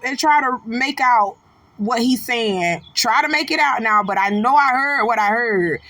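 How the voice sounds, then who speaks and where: A woman's voice: on the high side, unhurried, pushed and bright, dry recording. A middle-aged woman from Florida with a North Florida Southern accent, giving blunt, profane commentary. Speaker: commentary host. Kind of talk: casual commentary.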